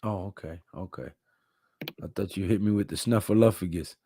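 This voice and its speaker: Brief: male live-stream host, tired, laid-back, mellow dark tone, dry close sound. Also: sits low, normal speed, no echo. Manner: laid-back, reads chat comments aloud. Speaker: livestream host. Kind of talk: casual live-stream chat.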